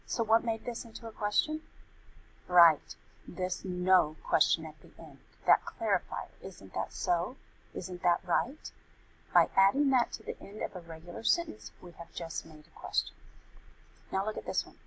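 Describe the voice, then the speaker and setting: A woman as a Spanish teacher, explaining grammar in a clear, explanatory tone and reading example sentences aloud. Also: mid-range voice, expressive, moderate pace, fairly bright tone, slight background noise, poor audio. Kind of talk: recorded grammar lesson.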